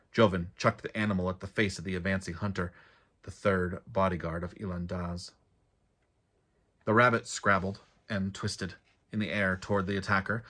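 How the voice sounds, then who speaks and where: A man, an author, reading his own fantasy novel aloud in a steady, measured way. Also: low voice.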